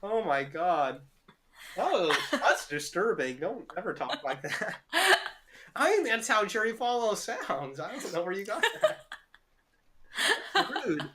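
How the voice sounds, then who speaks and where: A man co-hosting a podcast, with wry, sarcastic, deadpan casual chat. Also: high-pitched, takes it slowly, long pauses. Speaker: podcast co-host.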